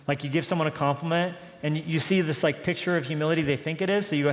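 A man's voice: a little high, rapid-fire, few pauses, some chatter behind. Preaching man in a reverberant hall. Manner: conversational preaching, animated, quotes dialogue. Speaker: pastor. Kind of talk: sermon.

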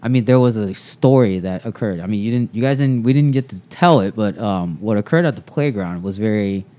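A man telling a story in casual chat among friends, animated and swearing freely. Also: fairly low pitch, brisk.

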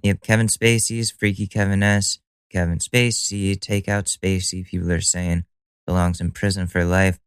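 A man hosts a solo podcast in a casual, profane, sardonic monologue. His voice sits a little low and has a smooth, clear tone. It is recorded close with no room sound. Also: level tone, normal speed, no echo. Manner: profane, sardonic, laughs at own jokes. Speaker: podcast host.

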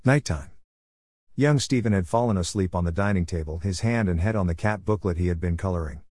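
A man narrating a storybook tale in a measured, even tone. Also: sits low, no room sound, studio quality.

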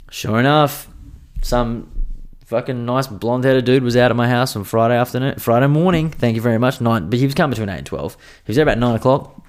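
A man's voice: medium pitch, quick pace. An Australian man hosting a podcast, telling a long, sweary, ranting story in a casual monologue. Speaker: podcast host.

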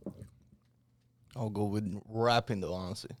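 A man chatting on a podcast as a guest, who laughs often and lets his sentences trail off softly. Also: on the low side, steady tone, normal speed, no room sound. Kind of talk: casual podcast chat.

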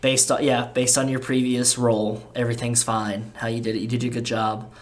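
A man narrating as game master in a relaxed, casual way with many fillers. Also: mid-range voice, normal speed.

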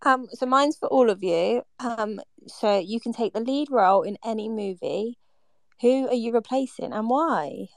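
A woman footballer on a podcast, asking questions in a relaxed way. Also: on the high side, measured pace, no room sound, clean studio sound. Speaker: footballer co-host. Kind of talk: casual chat.

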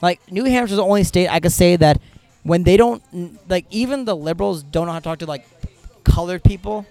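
An American man in his thirties, a podcast guest telling animated, profane stories and laughing through them in casual chat. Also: sits high, a little fast. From United States.

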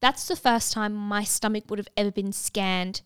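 A young woman telling a story in casual chat, animated and full of fillers, acting out what others said. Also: medium pitch, moderate pace, smooth, no room sound, clean studio sound. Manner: animated, many filler "like"s, acts out dialogue.

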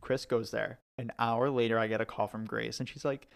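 A young man on a podcast, speaking into a studio microphone with a gravelly edge to his mid-range voice. He tells stories in an animated, chatty way, scattering "like" through every sentence. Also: medium pitch, brisk. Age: young adult. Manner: animated storyteller, full of "like". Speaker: podcast co-host. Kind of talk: casual storytelling.

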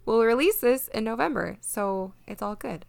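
A woman's voice: fairly high pitch, animated, normal speed, gravelly. A woman co-hosting a podcast in casual chat, playful and teasing. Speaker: podcast co-host.

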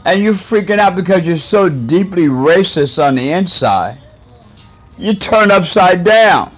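A man's voice: high-pitched, animated, unhurried. A man delivering an indignant, profane rant as a podcast host, scolding his listeners. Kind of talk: ranting monologue. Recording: dull lo-fi audio with faint music.

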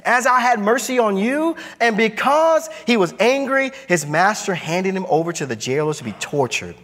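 A man preaching a sermon as pastor, emphatic and driving, his voice swinging high and low. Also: fairly bright tone, big-room sound. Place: church sanctuary.

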